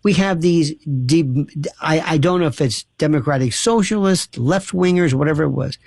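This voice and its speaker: A man hosting a talk radio show, telling stories in an animated way and acting out the dialogue of the people he quotes. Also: on the high side, moderate pace, creaky, no echo.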